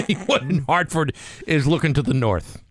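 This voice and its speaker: Lively male morning radio host. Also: fairly high pitch, moderate pace, background noise. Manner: upbeat, laughs along with guests. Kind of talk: casual radio banter and announcements. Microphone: radio studio microphone.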